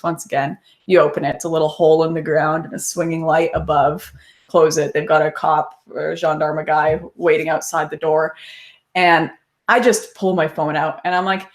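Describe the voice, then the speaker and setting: A young woman casually telling a first-person story, animated and laughing often as she talks. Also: on the low side.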